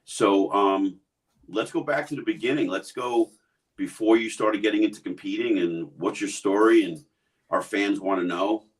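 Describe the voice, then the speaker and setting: Very deep-voiced eager co-host. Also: male voice, normal speed. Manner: eager, fan-like enthusiasm. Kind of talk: casual chat.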